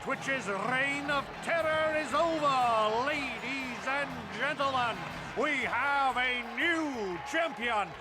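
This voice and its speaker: An actor playing a bombastic male arena announcer in a video game, booming like a showman. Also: slow pace, over music. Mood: hyped. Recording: game voice over cheering crowd.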